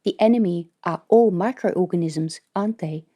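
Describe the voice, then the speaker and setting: A woman's voice: lowish voice, normal speed, mellow, close to an everyday voice. Woman reading as a flustered male scientist. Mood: earnest. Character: flustered young male space biologist.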